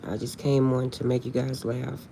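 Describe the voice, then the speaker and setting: A woman's voice: very deep voice, little pitch movement, moderate pace, warm tone, slight background noise. A woman chatting casually on a late-night live stream, laughing often and insisting she is serious.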